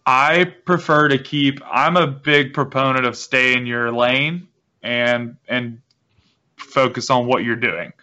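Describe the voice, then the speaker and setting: A man guest explaining his business in a relaxed, rambling interview manner, with many restarts. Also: mid-range voice, slow pace. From South Carolina. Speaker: guest, real estate wholesaler. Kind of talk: casual interview talk. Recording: dull lo-fi audio.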